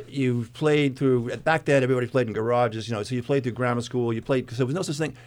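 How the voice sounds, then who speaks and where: A man's voice: mid-range voice, fairly even intonation, quick pace. Chatty older man in his sixties. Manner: chatty, stammering restarts. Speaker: guest, tribute band singer. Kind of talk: casual chat.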